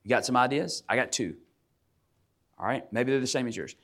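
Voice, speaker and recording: A man's voice: medium pitch, fairly quick. A man preaching a sermon, asking his listeners questions and acting out the people in the story. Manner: animated, acts out quotes, asks the audience questions. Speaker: pastor.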